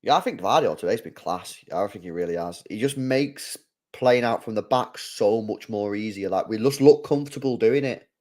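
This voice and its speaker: A young man hosts a live football watchalong, chatting casually with viewers in slang and rambling with restarts as he commentates the match. His voice is on the low side with a darkish tone, and he keeps a moderate pace.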